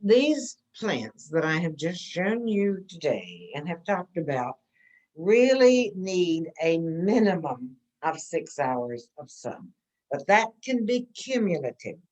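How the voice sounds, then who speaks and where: A woman's voice: on the low side, sing-song, slow, a little mellow, poor audio. A woman teaching an informal gardening class, chatty and answering questions, often checking in with "okay?".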